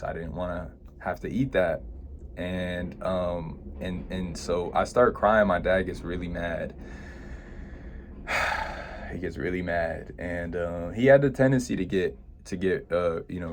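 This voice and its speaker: Low-voiced young man telling a story. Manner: reflective, frequent "you know" fillers and restarts. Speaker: vlogger. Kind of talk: personal storytelling to camera.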